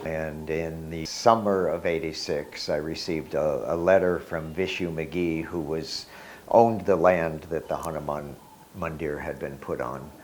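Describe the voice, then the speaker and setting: A man in his sixties telling a personal spiritual story in an unhurried, reflective way, with soft laughs. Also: rumbling low, fairly even intonation, a little hiss or hum.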